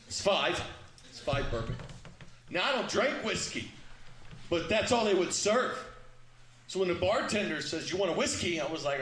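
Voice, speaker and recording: A male comedian works through his set with a loud, punchy delivery, acting out little exchanges as he goes. His voice sits very high and sounds bright and forceful. The room around him rings with echo. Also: very animated, moderate pace, long pauses. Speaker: stand-up comedian.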